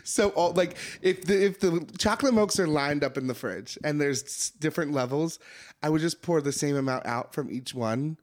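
Young male podcast co-host with a slightly high voice, animated storyteller, casual swearing. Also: moderate pace. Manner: animated storytelling with acted-out quotes; laughs often, swears casually. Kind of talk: casual chat.

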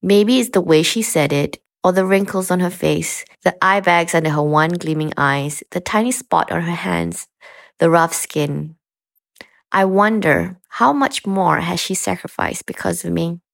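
Lady reading her own story out loud, low gravelly voice, real dramatic, jumps from outraged to muttering, dry close mic. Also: measured pace, dry recording. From Malaysia. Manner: expressive, big swings between indignant outbursts and quiet asides.

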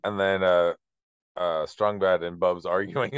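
A deep-voiced man co-hosting a podcast, chatty and quick to laugh. His audio sounds dry and somewhat muffled, as if on a lo-fi mic in a dead room. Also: flat delivery, smooth, no room sound. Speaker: podcast co-host. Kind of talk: casual chat.

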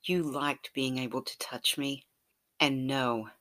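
A narrator telling a romantic second-person audio story in a soft, intimate way, often sliding into a breathy whisper. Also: mid-range voice, steady tone, takes it slowly.

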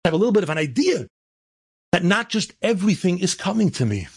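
A rabbi delivers a storytelling sermon, moving from anecdote to fervent exhortation. His voice sits fairly high for a man and has a gravelly, husky texture. He peppers his speech with Hebrew and Yiddish terms. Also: very animated, fast talker. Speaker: rabbi and speaker.

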